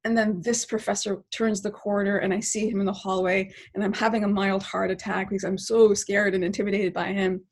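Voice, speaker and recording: A woman's voice: mid-range voice, level tone, a little fast, hardly any pauses. A middle-aged woman, a political science professor and podcast guest, telling a reflective story in long, winding sentences and often checking in with "right?".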